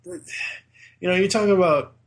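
A man's voice: sits high, takes it slowly. A man in his thirties co-hosting a casual chat, laid-back and chuckling. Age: 30s. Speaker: podcast co-host.

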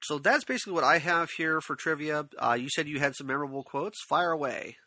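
A man's voice: on the high side, fast, bright, forceful tone, no echo. A man co-hosting a casual movie talk, easygoing and joking, acting out little quotes. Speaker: podcast co-host.

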